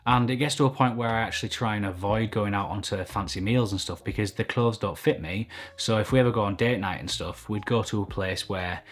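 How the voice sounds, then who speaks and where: A fairly low-voiced man speaks to camera in an open, self-critical, reflective way. It is a candid personal vlog recorded indoors at home, with soft music playing faintly underneath. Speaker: vlogger. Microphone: camera mic at desk.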